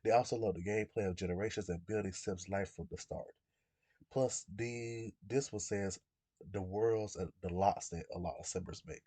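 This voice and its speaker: Young man, 20s, low gravelly husky voice, a bit sick, rambling casual YouTuber chat, dry close recording. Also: moderate pace, dark tone, dry recording. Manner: rambling, conversational, self-correcting. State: sick, under the weather. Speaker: gaming YouTuber.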